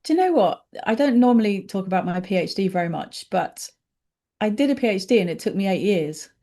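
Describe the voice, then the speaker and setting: Brief: woman guest, mellow and warm, earnest and reassuring, mid pitch. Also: expressive, a little fast. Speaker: ADHD and neurodiversity coach, podcast guest. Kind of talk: conversational interview answer.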